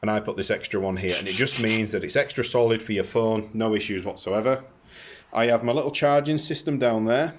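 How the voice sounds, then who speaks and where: Man, lowish voice, practical walkthrough, plain-spoken, casual. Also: brisk, a little hiss or hum. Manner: plain-spoken and practical, with fillers and self-corrections. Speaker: motorcycle vlogger.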